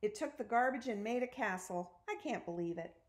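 A woman reading a storybook aloud, voicing an eager, excitable young boy who exclaims often. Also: medium pitch, brisk, close to an everyday voice. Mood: excited.

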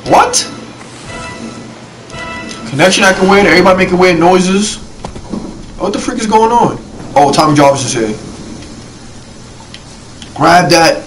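Young male gamer host, excitable and slangy, animated pitch, recorded a bit distant from the mic. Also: soft background music. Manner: excitable, slangy, quick exclamations at the game. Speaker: gaming channel host. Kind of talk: casual let's-play commentary. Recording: voice a bit off-mic with faint noise.

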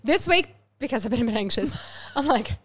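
A woman's voice: fairly high pitch, lively intonation, fairly quick, slightly rough, no echo. A young woman co-hosting a podcast in a casual chat, rambling frankly and swearing freely. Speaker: podcast co-host.

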